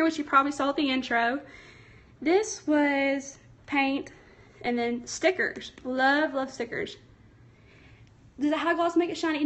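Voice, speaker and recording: A young woman, chatty and a little nervous, hosting a casual craft livestream from home and answering viewer comments. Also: high-pitched. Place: home, indoors. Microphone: phone.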